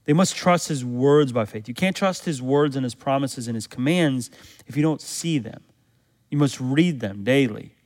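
A man preaching a sermon as a pastor, in an earnest manner that climbs higher and louder when he quotes scripture. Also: normal speed, long reverb tail.

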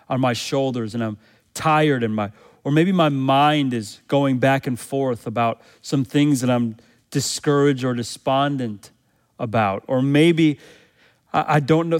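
A man preaching a sermon as a pastor, in an earnest manner that climbs higher and louder when he quotes scripture. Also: big-room sound.

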